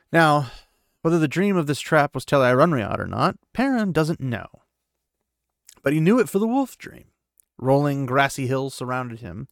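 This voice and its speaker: A man's voice: medium pitch, vocal fry, no room sound, studio quality. A young man casually recapping a book chapter, chatty, paraphrasing the characters and laughing at his own slips. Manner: chatty, paraphrases with "he's like", self-corrects and laughs. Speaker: podcast host recapping a book. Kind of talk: casual book recap with read-aloud quotes.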